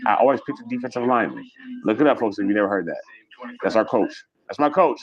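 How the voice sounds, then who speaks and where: A man hosting a casual livestream, chatting fast and rambling, swearing freely as he reads viewer comments. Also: on the low side, animated, dull audio. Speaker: livestream host.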